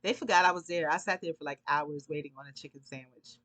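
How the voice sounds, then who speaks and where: A woman's voice: sits low, fast, fairly bright tone. A woman vlogging, telling a long casual story in a rambling, chatty way and laughing often.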